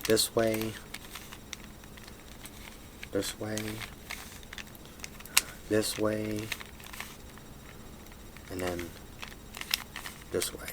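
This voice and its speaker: A man's voice: lowish voice, steady tone, drawn-out words, long pauses, noisy background. A man casually walking through a puzzle tutorial at home, self-deprecating and apologetic as he fumbles, recorded on a camera mic. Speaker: hobbyist showing a puzzle solve.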